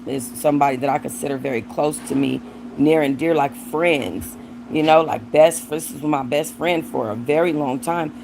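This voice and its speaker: A woman's voice: low-pitched, vocal fry, a little mellow, slight background noise, low-quality recording. A woman hosting a livestream, giving blunt, profane commentary on viewer comments and talking aside to her dog. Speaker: livestream host.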